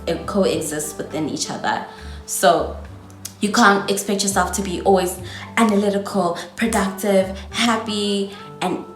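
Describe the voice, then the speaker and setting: Brief: twenties South African woman vlogger, South African accent, chatty and encouraging, lowish voice, echoey room, faint music. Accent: South African English. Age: 20s. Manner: chatty, encouraging, calls viewers darling. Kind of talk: casual advice talk to camera.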